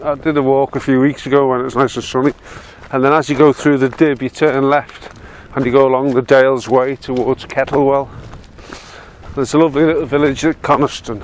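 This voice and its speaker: A man with a Yorkshire accent chatting casually as he walks across windy open moorland, self-mocking and laughing often. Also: mid-range voice. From Yorkshire, England. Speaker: walking guide vlogger. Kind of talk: casual walking commentary.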